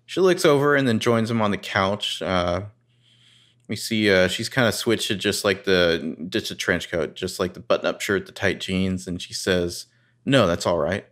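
A man co-hosting a casual podcast, retelling a TV scene and acting out lines with lively rises. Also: low voice, normal speed. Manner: narrates scenes and reads dialogue with animated rises. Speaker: podcast co-host recapping a TV episode. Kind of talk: casual chat.

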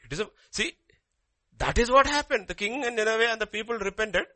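A male pastor delivering a sermon with a bright, forceful voice pitched a little high. He swings between loud, climbing exclamations and low, hushed lines, reading scripture aloud as he goes. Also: fairly quick. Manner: animated preaching with sudden pitch jumps and quiet drops.

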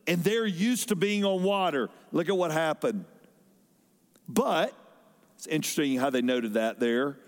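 A man preaching a sermon as a pastor, with dynamic delivery that swings between loud emphasis and soft drops. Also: fairly high pitch, animated, unhurried. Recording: long hall reverb.

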